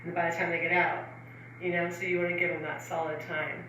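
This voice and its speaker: A woman's voice: on the low side, little pitch movement, brisk, noisy background. A woman instructor guiding stretches in a casual, chatty way, often adding fillers and laughing. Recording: roomy echo from far off.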